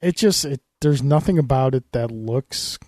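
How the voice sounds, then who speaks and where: A man's voice: mid-range voice, normal speed, darkish tone, dry recording, clean studio sound. A man co-hosting a casual comics podcast, explaining at length in a rambling way with frequent restarts. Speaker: podcast co-host. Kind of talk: casual chat.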